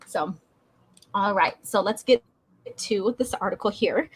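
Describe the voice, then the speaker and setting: A woman hosting a casual group chat over a video call, playful and quick to laugh. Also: mid-range voice, a little hiss or hum. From Sioux reservation, United States. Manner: laughs often, playful, chatty. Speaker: podcast host.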